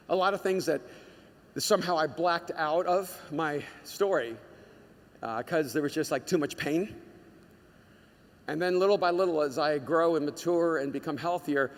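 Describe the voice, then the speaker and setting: A man preaching a sermon to a congregation, telling a personal story in an animated way and shouting out the lines he quotes. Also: fairly high pitch, in a large hall. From United States. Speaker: pastor.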